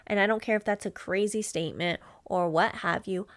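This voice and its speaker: A woman's voice: mid-range voice, fairly quick, dry recording. A young woman hosts a solo podcast, speaking candidly and emphatically. Her delivery is blunt and hands out tough advice like a pep talk. The sound is dry and close to the mic, with no room around it. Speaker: podcast host.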